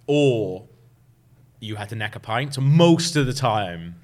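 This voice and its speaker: Hosting a casual podcast chat, a man tells a long, rambling story packed with fillers. His voice is medium in pitch and a little mellow, swinging widely up and down while he keeps a measured pace.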